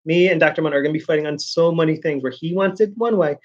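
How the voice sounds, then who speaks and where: A man's voice: on the high side, racing, dull audio. A man vlogging in a casual, rambling way, venting his frustration and repeating words as he goes.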